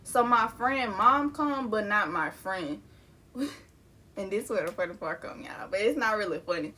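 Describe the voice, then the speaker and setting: A young woman talks straight to her viewers in a relaxed storytime vlog. Her voice sits at a middle pitch, and her delivery is loose and candid, with laughs breaking through even as she speaks about serious things. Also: unhurried. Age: young adult. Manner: casual and candid, laughing through grief, addressing viewers as y'all. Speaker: vlogger.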